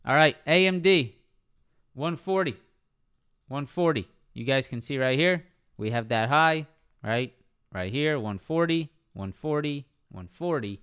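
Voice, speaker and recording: A man's voice: medium pitch, a bit bright, smooth. A young man streaming live market analysis, talking casually, repeating price levels and asking "right?" often. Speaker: stock trading live streamer. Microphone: streaming microphone.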